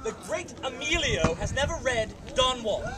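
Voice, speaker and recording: Casting: man doing high, swooping pompous Italian director, exasperated, crowd noise outdoors. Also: big pitch swings, moderate pace, recorded from a distance. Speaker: actor. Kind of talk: outdoor fair comedy theater. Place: outdoor fair stage.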